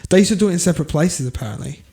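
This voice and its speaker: A man's voice: a little high, animated, racing, vocal fry, mellow. A young Australian man co-hosting a podcast, rambling through topics and laughing often in casual banter. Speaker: podcast co-host.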